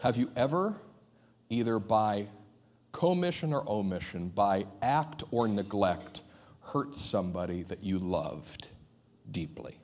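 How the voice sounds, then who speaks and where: A man preaching a sermon in an earnest manner, dropping to a hushed voice for emphasis and acting out quoted dialogue. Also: fairly low pitch, big pitch swings, slow pace. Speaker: pastor.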